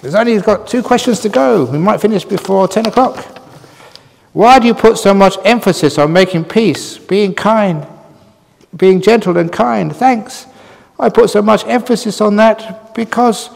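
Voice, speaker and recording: A man's voice: high-pitched, moderate pace, creaky, a little mellow, long reverb tail, slight background noise. A man teaching at a meditation retreat, answering questions in a humorous, playful way and laughing often. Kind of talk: dharma talk answering questions. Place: retreat hall with long reverb.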